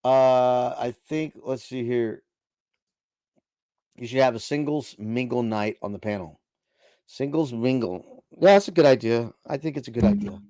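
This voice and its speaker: A man's voice: medium pitch, a little slow, pauses often, dark tone, no echo, clean studio sound. A middle-aged man hosting a casual late-night livestream, reading viewer chat aloud into a desk microphone in a chatty, laid-back way. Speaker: livestream host.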